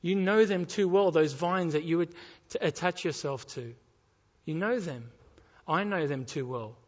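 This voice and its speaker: A man's voice: a little high, a little slow, in a large hall, lo-fi sound. A man preaching a sermon, reading scripture aloud and asking the congregation rhetorical questions.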